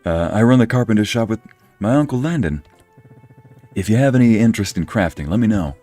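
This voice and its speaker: A man's voice: fairly low pitch, lively intonation, a little fast, dark tone, soft background music, voice pushed up. A man voicing a helpful young male carpenter in a farming game, reading his greeting in a welcoming, chatty way.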